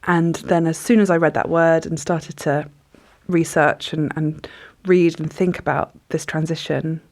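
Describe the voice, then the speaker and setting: Low-voiced, reflective woman author. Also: fairly even intonation, unhurried, a little mellow. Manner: thoughtful, reflective, with frequent hesitations. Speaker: author and journalist guest. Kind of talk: conversational interview.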